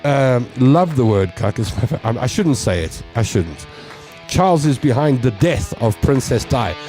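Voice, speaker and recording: Lively South African radio host. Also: male voice, medium pitch, moderate pace, faint music behind. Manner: animated, jokey, breaks into voices and laughter; mixes English with Afrikaans. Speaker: radio talk show host. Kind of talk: comedic talk radio banter.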